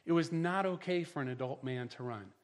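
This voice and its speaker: A man's voice: fairly high pitch, brisk. A middle-aged man preaching a sermon as pastor, emphatic, often repeating words and asking the listeners "right?".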